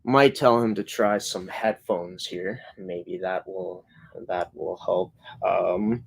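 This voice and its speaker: A man's voice: deep voice, fairly even intonation, slow pace, vocal fry. Rambling man hosting a sports stream. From Canada. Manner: rambling, frequent filler words and self-corrections. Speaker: sports show host. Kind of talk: casual live-stream sports show hosting.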